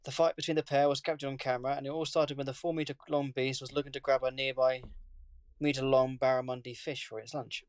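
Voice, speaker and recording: A man, reading a news story aloud on a podcast in a plain, steady way. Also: medium pitch, quick pace, clean tone, dry recording, clean studio sound. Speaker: podcast co-host.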